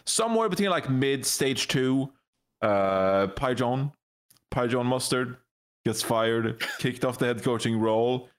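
A man's voice: medium pitch, expressive, measured pace. Playful male panelist who spins a joking story. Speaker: esports panelist. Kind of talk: casual esports analysis chat.

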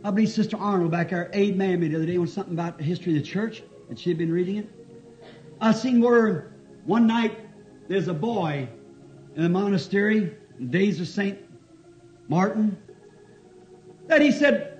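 Fervent preacher, lo-fi tape. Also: male voice, sits high, expressive, moderate pace, pauses often. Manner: fervent, folksy, storytelling, sudden shouts. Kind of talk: sermon. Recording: dull lo-fi old tape, faint music.

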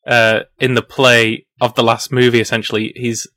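A man's voice: medium pitch, flat delivery, normal speed, bright, forceful tone, dry recording. A man hosting a casual film review chat, rambling and laughing as he acts out quotes.

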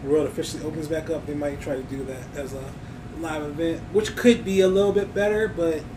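A man co-hosting a podcast in casual chat, easygoing and halting, pausing on fillers. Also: fairly high pitch. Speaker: podcast co-host. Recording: roomy echo, distant mic, steady noise.

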